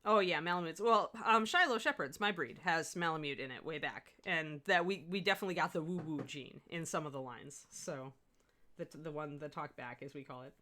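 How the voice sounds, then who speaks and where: A middle-aged woman runs a live painting lesson, talking in a rambling, easygoing way. Her voice sits a little low but sounds bright and forceful. She laughs often as she answers her viewers. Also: a little fast. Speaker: miniature painting instructor. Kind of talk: live-streamed painting demo with chat.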